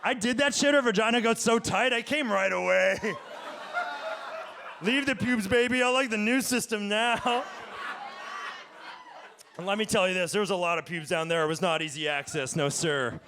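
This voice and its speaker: A male stand-up comedian talking casually on a comedy club stage with deadpan asides. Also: high voice, brisk, vocal fry, hardly any pauses, a crowd in the background, background noise.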